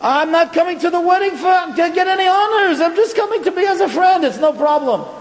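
A man voicing a calm, gracious older rabbi in a gentle, reassuring way. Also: extremely high pitch, brisk, pitched above the performer's own voice. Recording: echoey hall with faint noise.

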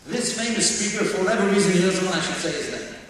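A man's voice: high voice, fast talker. A man telling stories in a sermon and animatedly acting out the characters, recorded from a distance in an echoey hall with faint noise. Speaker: speaker. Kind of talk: storytelling sermon.

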